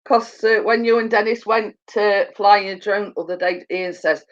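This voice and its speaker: A woman's voice: mid-range voice, steady tone, moderate pace, hardly any pauses. A woman chatting casually with viewers on a live stream, telling funny stories and laughing often. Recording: dull lo-fi sound.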